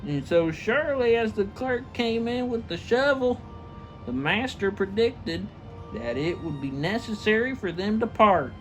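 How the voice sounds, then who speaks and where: A man narrates a classic story in a comedic read, taking it slowly. He trips over words and corrects himself, and faint music plays behind him. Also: high-pitched, rough recording. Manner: slow, stumbling reading with self-corrections.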